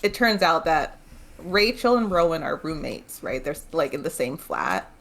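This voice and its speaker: A woman's voice: low-pitched, very animated, normal speed, gravelly, a bit bright. A young woman hosting a casual book club chat. She talks loosely, laughs often and swears freely.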